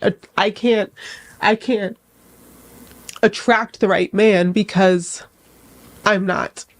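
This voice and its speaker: A woman's voice: medium pitch, fairly even intonation, slow. A woman in her thirties appearing as a podcast guest, speaking in a defensive, upset way. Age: 30s. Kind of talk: podcast conversation.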